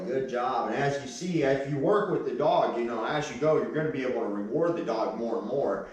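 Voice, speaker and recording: A man working as a dog trainer, casually explaining each step and barking short sharp commands to the dog. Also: mid-range voice, fairly quick, few pauses. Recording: distant, very echoey.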